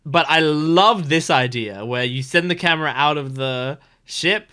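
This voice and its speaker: A man hosting a reaction video, chatting casually with lots of fillers and rambling excitement. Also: a little high, unhurried, smooth. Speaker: reaction channel host.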